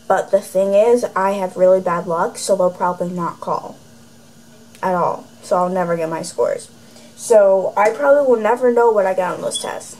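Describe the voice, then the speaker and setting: Facing her camera from a room at home, a teenage girl vlogs casually, her sarcastic rambling studded with "like." The medium-pitched, darkish voice holds a steady tone at normal speed, though the audio is poor and has slight background noise.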